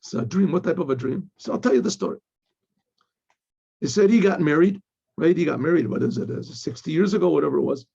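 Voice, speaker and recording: Gravelly high-voiced rabbi telling a story. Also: male voice, fast. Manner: animated storyteller, acts out quoted voices, repeats words. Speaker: rabbi teaching. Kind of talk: storytelling lesson. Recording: dull lo-fi recording.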